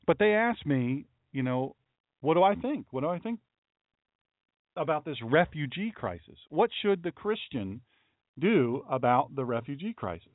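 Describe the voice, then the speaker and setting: A man's voice: a little high, big pitch swings, measured pace, no echo. A middle-aged man, a pastor, chatting casually on a livestream with folksy, rambling asides to his chat. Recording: dry, phone-like lo-fi audio.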